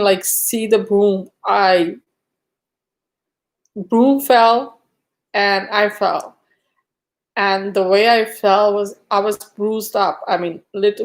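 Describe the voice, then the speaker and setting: A woman's voice: fairly even intonation, takes it slowly. A woman chatting casually on a live stream, telling a rambling story full of fillers. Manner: high cooing baby talk to her dog.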